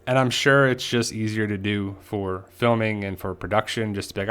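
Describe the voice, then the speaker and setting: A man's voice: lowish voice, moderate pace, few pauses, clear, resonant tone. A man giving a casual, chatty episode recap and theory commentary, often acting out the characters' lines. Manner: chatty, animated, acts out quotes. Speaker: TV show commentator.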